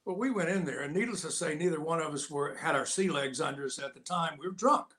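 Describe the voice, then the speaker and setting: A man in his sixties, an interview guest telling animated, folksy anecdotes in a casual way. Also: a little high, fast. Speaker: interview guest, actor and Navy veteran.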